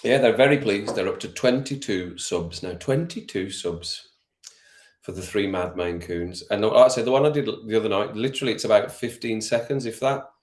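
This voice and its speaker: A man's voice: fairly low pitch, normal speed. A man hosting a casual football watch-along stream, chatting with viewers by name and laughing often. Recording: roomy echo.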